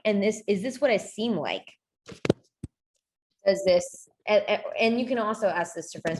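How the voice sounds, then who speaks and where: A woman's voice: lowish voice, a little mellow, slight background noise. Chatty woman advising on essays. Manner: chatty, full of fillers and restarts. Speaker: admissions consultant. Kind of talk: casual talk to a group.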